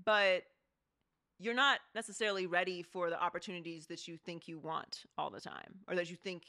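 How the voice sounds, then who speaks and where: A woman's voice: fairly low pitch, steady tone, a little fast, pushed and bright. A woman from Pittsburgh, a sports TV host, talking candidly as an interview guest with casual swearing. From Pittsburgh, USA.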